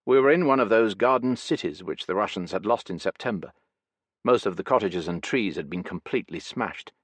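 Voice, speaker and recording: Low-voiced man narrating an audiobook. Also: expressive, fairly quick, breathy edge, no echo. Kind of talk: scripted narration.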